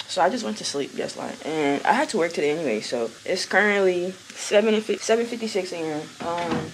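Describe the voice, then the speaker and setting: A hoarse young woman vlogging casually in a hotel room, rambling loosely and swearing now and then. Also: on the low side, lively intonation, fairly quick, slight background noise. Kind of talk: casual vlog chat. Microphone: small clip-on mic.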